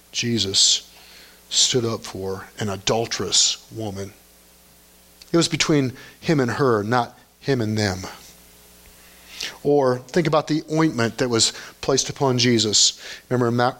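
A man's voice: medium pitch, a bit bright. A man preaching a sermon, reading scripture aloud and stopping to comment on it with rising emphasis.

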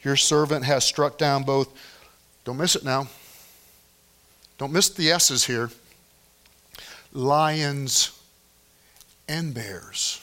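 A middle-aged man preaching a sermon, telling stories in an animated way that swings from loud to hushed. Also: medium pitch, unhurried, long pauses. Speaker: pastor.

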